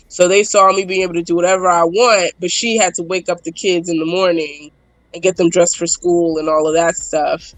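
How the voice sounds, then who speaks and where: A woman's voice: medium pitch, no room sound. Blunt, emphatic woman telling a story. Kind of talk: casual chat.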